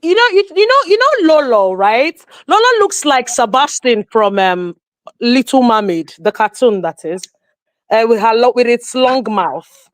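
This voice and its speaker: A woman phoning into a live show, gushing her thanks and circling back over her words. Her voice is a touch high. The sound is dry, with no room echo. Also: very animated, a little slow. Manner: effusive and grateful, with repeated words. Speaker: caller joining a livestream. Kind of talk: casual call-in chat.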